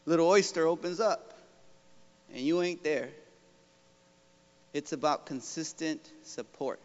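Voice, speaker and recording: A man with a slightly high voice gives an earnest, rallying talk as a guest professor. He keeps checking in with the audience. The sound is dull, and his voice rings through a big hall with a long echo. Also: measured pace. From Oakland, California. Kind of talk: motivational public talk. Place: large school hall.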